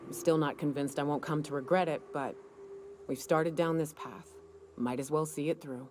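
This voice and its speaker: An actress playing a hard-drinking, guilt-ridden woman companion in a video game, speaking bluntly and haltingly. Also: low voice, steady tone, a little mellow, a little hiss or hum, close to an everyday voice. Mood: weary. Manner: blunt, halting, world-weary.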